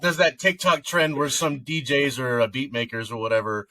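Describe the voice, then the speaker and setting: Casual male podcast co-host, mid-pitched, dry close-mic sound, rambling delivery with lots of fillers. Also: fairly even intonation, moderate pace, sharp tone, no room sound. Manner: rambling, filler-heavy, breaks into sung snippets. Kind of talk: casual chat.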